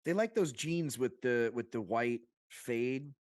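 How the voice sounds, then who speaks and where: A man co-hosting a podcast from Long Island, New York, talking in a casual chat that is excitable and rambling, with casual swearing. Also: mid-range voice, unhurried, dry recording, clean studio sound. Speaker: podcast co-host.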